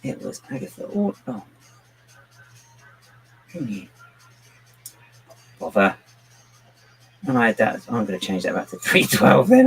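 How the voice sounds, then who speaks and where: A man's voice: mid-range voice, sing-song, moderate pace, gravelly, pauses often, husky, low-quality recording. A man chatting casually on a live stream while building, muttering to himself and to a pet on his lap. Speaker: livestreaming brick builder.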